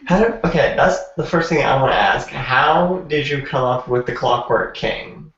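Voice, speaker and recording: A man's voice: medium pitch, moderate pace, a bit bright. Eager male host, roomy sound. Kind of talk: casual interview chat. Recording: roomy dull lo-fi stream audio.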